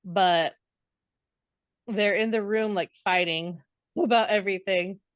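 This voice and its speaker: A woman co-host on a podcast runs through a novel's plot in a loose, chatty way, filling gaps with "like" and "uh." Her voice sits in an ordinary middle pitch. The sound is dry and close, with no room echo. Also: fairly even intonation, takes it slowly, clean tone. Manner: chatty, loose retelling with many "like"s and "uh"s. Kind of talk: casual book recap.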